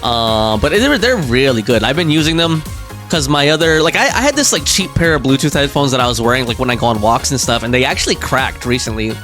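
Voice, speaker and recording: A man's voice: mid-range voice, expressive, fast talker, a bit bright, soft background music. A young man streaming a game live, chatting casually and rambling with fillers and restarts.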